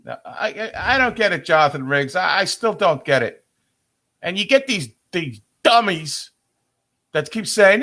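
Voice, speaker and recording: A man's voice: high-pitched, animated, measured pace, sharp tone. An older man with a New York accent, co-hosting a casual sports podcast and ranting grumpily. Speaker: podcast co-host.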